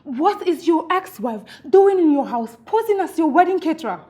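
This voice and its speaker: A woman's voice: extremely high pitch, big pitch swings, normal speed, mellow. An actress playing a worried, pushy woman who confronts a friend about his wedding, speaking with a Nigerian accent. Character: anxious, meddling woman friend of the groom. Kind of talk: film drama acting.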